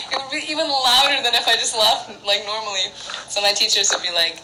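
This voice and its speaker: A woman's voice: medium pitch, fairly even intonation, brisk, pushed and bright, slight background noise, low-quality recording. A young woman from Canada chatting casually on a phone livestream at home, rambling through childhood stories with lots of giggles and fillers. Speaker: singer on an Instagram live.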